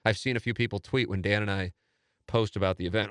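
Talking alone on his own podcast, a man with a St. rambles at a quick pace, eager and quick to mock himself. His somewhat low voice is recorded up close, dry, with no room ambience.

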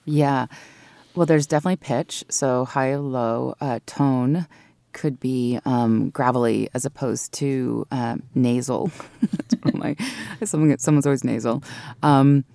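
A woman who narrates audiobooks, giving a thoughtful, explanatory interview with easy laughs. Her voice sits very low, and the sound is tight and dry, close to a studio mic. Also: steady tone, a little slow, gravelly, warm tone, no echo. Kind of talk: interview conversation. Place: home recording booth. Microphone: studio microphone.

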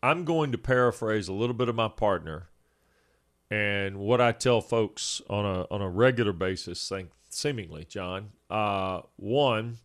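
A man in his fifties co-hosting a sports talk show, laying out his points in a measured, orderly way. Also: lowish voice. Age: 50s. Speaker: sports radio co-host.

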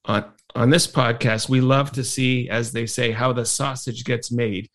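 A man's voice: medium pitch, flat delivery, unhurried, a bit bright. A man hosting an interview podcast, asking friendly, curious questions. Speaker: podcast host. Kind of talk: casual interview.

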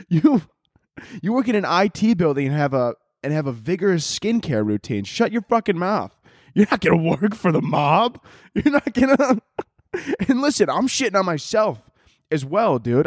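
A man's voice: high-pitched, no echo, studio quality. A man in his twenties hosting a podcast, ranting casually with lots of swearing and laughter. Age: 20s. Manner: profane, rambling, laughs often. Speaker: podcast host. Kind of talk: casual comedic rant.

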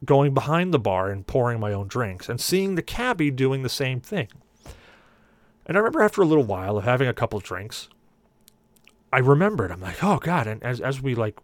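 On a podcast panel, a man with a mid-range voice spins a long comic story, animatedly acting out each character's voice. The recording is dry.

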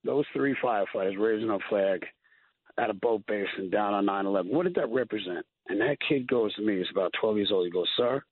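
A firefighter, calling in and telling stories earnestly, getting choked up and repeating himself. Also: male voice, on the low side, fairly quick, no room sound. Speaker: firefighter guest. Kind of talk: emotional call-in storytelling. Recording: tinny phone line.

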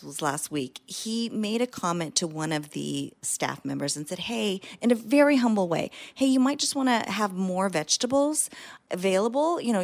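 A woman co-hosting a podcast, chatting candidly and telling stories in a casual way. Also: mid-range voice. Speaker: podcast co-host. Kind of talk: casual chat.

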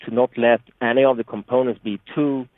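Over a dry, tinny phone-like connection with no room sound, a man with a Swedish accent speaks briskly in a mid-range, fairly even voice. He's a product marketing guest answering interview questions earnestly, restarting often and using plenty of fillers.

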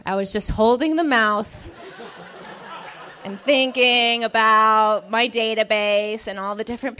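A woman telling a comedic story at a live show, animated and laughing through her lines. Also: a little high.

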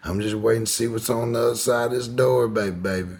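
A man's voice: mid-range voice, fairly even intonation, fast, darkish tone, voice pushed up, lightly acted. A man voicing his tough, foul-mouthed older aunt, brash and defiant while near death.

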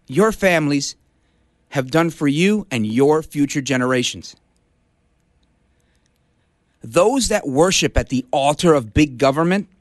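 A man's voice: on the high side, no room sound, clean studio sound. A man hosting a talk radio show, delivering an emphatic, preachy rallying monologue. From Brooklyn, USA.

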